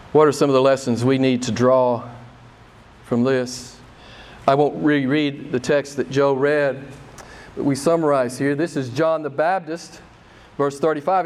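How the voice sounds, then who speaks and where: A man preaching a sermon, emphatic and conversational, pressing the congregation with repeated rhetorical questions. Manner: emphatic, rhetorical questions, wide swings in pitch and loudness. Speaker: pastor.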